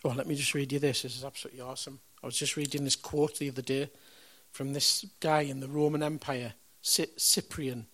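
A man preaching a sermon, telling a story in a conversational way that swings from loud, punchy lines to hushed, reverent moments. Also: mid-range voice, little pitch movement, fairly quick.

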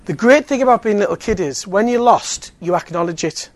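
A man's voice: high voice, animated, brisk, dry recording. A man giving an evangelistic talk in a chatty style, full of fillers and joking asides. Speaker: Alpha course speaker.

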